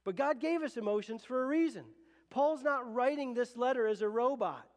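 A man with a notably high-pitched voice preaches to his congregation in an earnest, conversational way, often circling back and restarting his phrases. His voice carries with a long reverb from the church hall around him. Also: moderate pace. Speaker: pastor. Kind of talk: sermon. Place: church sanctuary.

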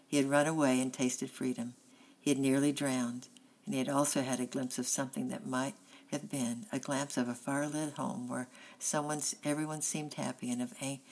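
A woman narrating a children's novel in a steady, plain reading voice. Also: rumbling low, poor audio. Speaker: audiobook reader. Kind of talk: storybook narration.

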